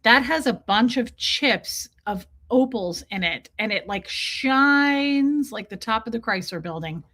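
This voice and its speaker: A woman's voice: a little high, animated, a little slow, pushed and bright. A woman chatting casually on a livestream, gushing over jewelry and greeting viewers by name. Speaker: livestream host.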